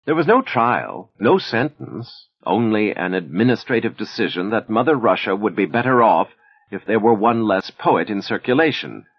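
A man voicing a wry, defiant Soviet woman poet who speaks in a dry, ironic, measured way at a reading. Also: fairly low pitch, sing-song, husky, heavily acted. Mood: grim. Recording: dull lo-fi recording.

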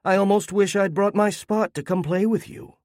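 A man's voice: high-pitched, steady tone, moderate pace, a little mellow, no echo, clean studio sound, voice pushed up, close to an everyday voice. A man voicing a prim, polite woman guest at a party who speaks in a genteel, patronizing way.

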